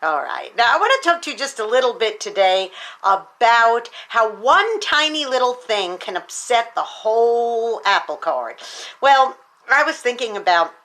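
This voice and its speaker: A woman's voice: fairly high pitch, very animated, measured pace, fairly bright tone. A woman hosting an upbeat devotional talk, chatty and encouraging, with many fillers. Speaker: teacher and speaker hosting a devotional show.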